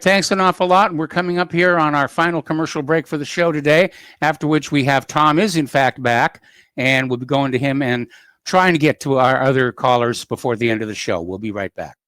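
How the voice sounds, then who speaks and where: Brisk male radio host, dry sound. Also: on the high side, fairly bright tone, dry recording. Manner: brisk, businesslike call handling. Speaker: radio talk show host. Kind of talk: call-in radio hosting.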